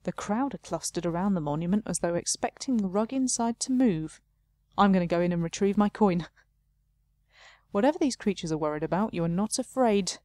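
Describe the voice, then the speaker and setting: Chatty woman with a mellow voice. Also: mid-range voice, lively intonation, fairly quick, no room sound, studio quality. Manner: chatty, self-mocking, laughs often. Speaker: let's play host. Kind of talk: casual game commentary, reading game text aloud.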